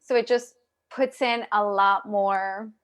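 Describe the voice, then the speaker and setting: A woman's voice: medium pitch, fairly even intonation, slow pace. A woman hosting a casual live video chat, talking straight to her viewers with lots of restarts, over a video call mic. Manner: chatty, addresses viewers directly, many restarts. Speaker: host.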